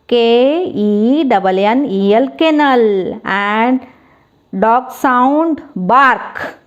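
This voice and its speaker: A woman's voice: on the high side, dull audio. A woman teaching a children's lesson in simple English, spelling out words letter by letter.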